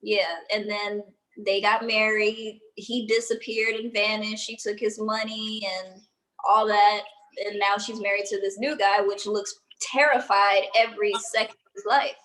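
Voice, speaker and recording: A woman's voice: medium pitch, level tone, measured pace, fairly bright tone, low-quality recording. A woman, co-hosting a casual review show and giving her opinions in a gossipy, chatty way. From Louisiana. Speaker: co-host.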